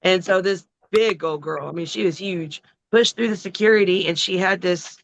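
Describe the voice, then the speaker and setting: A middle-aged woman, a wrestler, telling a long story in a casual, profane, animated way. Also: lowish voice, moderate pace, gravelly, dull audio. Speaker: wrestling guest.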